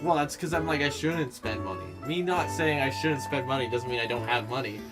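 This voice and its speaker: A man's voice: mid-range voice, steady tone, a little fast. A young man, co-hosting a casual podcast chat, teasing and laughing easily. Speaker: podcast co-host. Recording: music playing behind. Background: music.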